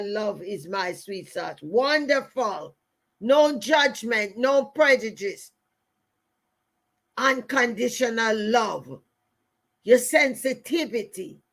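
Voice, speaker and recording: Slow, high-voiced older woman coach. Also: lively intonation, fairly bright tone. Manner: deliberate, repeats phrases for emphasis. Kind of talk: motivational talk.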